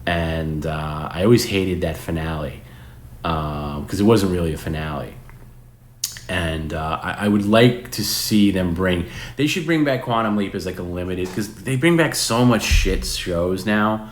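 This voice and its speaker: A man's voice: low voice, measured pace. A man in his forties hosting a live stream, chatting casually with viewers in a rambling way, restarting sentences and swearing now and then. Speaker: host. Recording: roomy with faint background noise.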